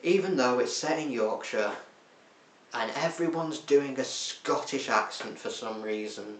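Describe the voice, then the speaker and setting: A man's voice: medium pitch, a little slow, fairly bright tone, slight background noise. A man casually reviewing films with wry, self-mocking asides, recorded in an echoey room. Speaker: film reviewer. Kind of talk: casual monthly film roundup.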